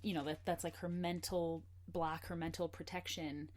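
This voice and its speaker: A woman's voice: fairly low pitch, little pitch movement, normal speed, darkish tone. A woman guest on a podcast, chatting casually, laughing often and reading passages from a book aloud. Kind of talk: casual chat.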